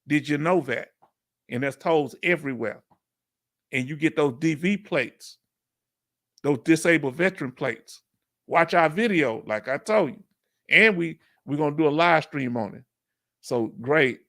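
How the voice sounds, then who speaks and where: Southern Houston man, slangy and animated. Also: on the high side, a little slow, pauses often. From Houston, Texas. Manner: reads viewer comments aloud, slangy and animated. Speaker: veteran livestream host. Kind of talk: casual livestream Q&A.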